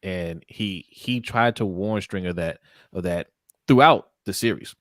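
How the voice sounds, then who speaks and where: A man's voice: low voice, a little slow, no echo, studio quality. A man on a casual podcast, talking things through and checking for agreement as he goes. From Baltimore. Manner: conversational, seeks agreement with "right?". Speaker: podcast co-host.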